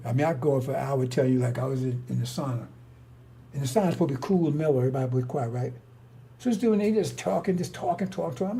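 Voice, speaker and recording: Older guy ranting in a loose monologue, kinda high voice but warm and mellow, blunt, keeps restarting. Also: vocal fry. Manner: blunt and confrontational, with frequent restarts and profanity. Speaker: storyteller. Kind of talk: rambling casual monologue.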